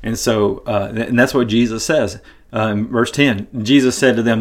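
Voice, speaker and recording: A man's voice: lowish voice, fairly even intonation, normal speed. A man giving a casual Bible teaching, talking in a conversational way, repeating words and retelling scenes with feeling.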